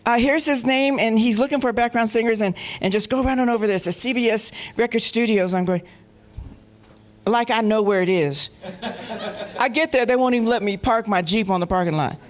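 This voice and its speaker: On a festival panel stage, a woman from Colorado tells anecdotes with lively energy, laughing often and mimicking the voices of the people she quotes. Her voice is a little high and her pace brisk.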